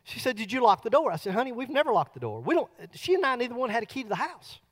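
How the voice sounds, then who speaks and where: A middle-aged man preaching a sermon, telling a folksy personal story that builds to loud bursts. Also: very high-pitched, very animated, rapid-fire.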